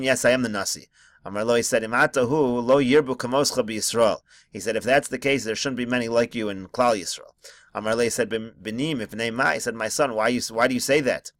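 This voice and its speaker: Man, Talmud teacher, quick pace, dry close sound, reads then translates phrase by phrase. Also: medium pitch, a bit bright, dry recording. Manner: reads a phrase of original text, then translates it into plain English. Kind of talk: lesson reading and translating text line by line. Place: home study screencast.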